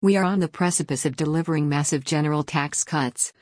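A woman reading a news article aloud in an even, steady way. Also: low-pitched, a little fast, dry recording, clean studio sound.

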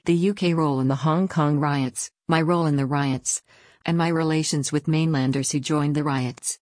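A woman narrating a scripted news report in an even, formal read-out manner. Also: low voice, normal speed, no echo, clean studio sound.

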